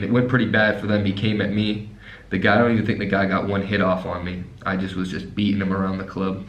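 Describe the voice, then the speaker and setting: Young guy telling a travel story, lowish voice, lots of "like"s, echoey room. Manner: rambling, filler-heavy storytelling. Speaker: travel vlogger. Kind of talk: casual storytime. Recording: roomy echo.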